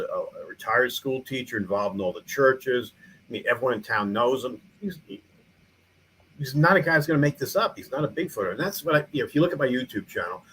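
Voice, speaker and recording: A man's voice: medium pitch, slight background noise, low-quality recording. A middle-aged man, a small-town mayor and museum founder, telling stories in a casual interview with lots of restarts and fillers. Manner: rambling, animated, frequent restarts and fillers.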